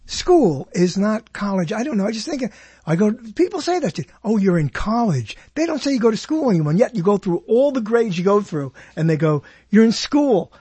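Host type: rambling, jokey man, high and husky, dry close sound. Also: sing-song, fairly quick, mellow, dry recording. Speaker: talk show host. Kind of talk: casual live internet talk show.

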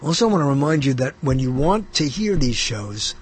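A man's voice: mid-range voice, big pitch swings, brisk. A man hosting a radio show, rambling casually about movies, often trailing off with uh and short laughs. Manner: rambling, self-interrupting, lots of uh and laughs.

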